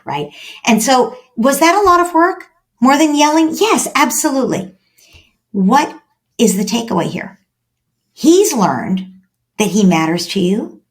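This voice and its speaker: A woman parenting expert talks as a guest on a podcast. Her delivery is animated. She slips into short acted-out exchanges between parent and child. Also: medium pitch, normal speed. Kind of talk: podcast interview.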